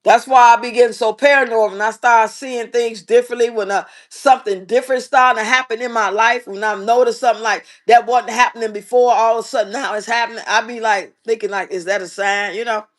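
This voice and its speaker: Lively woman chatting on her livestream. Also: on the high side, a little fast, few pauses. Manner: lively, playful, talks straight to viewers. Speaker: livestream host. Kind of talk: casual livestream chat reading comments.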